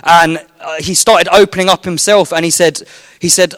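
A man's voice: sits high, steady tone, normal speed, fairly bright tone, dry recording. A man, a street evangelist giving a fervent, rambling personal testimony full of fillers.

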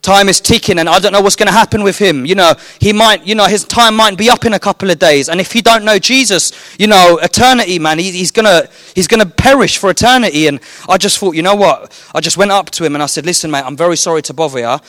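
A man's voice: sits high, fast talker, few pauses, fairly bright tone, no room sound. A man, a street evangelist giving a fervent, rambling personal testimony full of fillers.

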